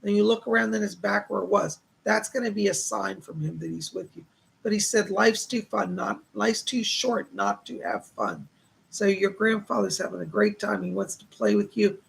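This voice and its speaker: A man doing live psychic readings on a stream, calmly reassuring viewers and passing on messages. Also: high-pitched, normal speed, vocal fry, a little hiss or hum. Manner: reassuring, relays spirit messages, reads viewer questions aloud.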